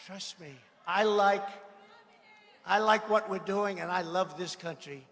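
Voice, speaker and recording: A man giving a rally speech, boastful and mocking, repeating himself and bursting into shouts. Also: high-pitched, a little slow, vocal fry, heavy background noise. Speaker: political speaker at a rally. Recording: echoey hall with faint ambience.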